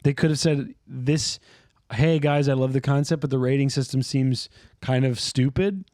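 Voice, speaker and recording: A man's voice: mid-range voice, steady tone, moderate pace, darkish tone, no room sound. A man co-hosting a casual podcast, tossing out dry, teasing jabs. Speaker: podcast co-host. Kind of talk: casual chat.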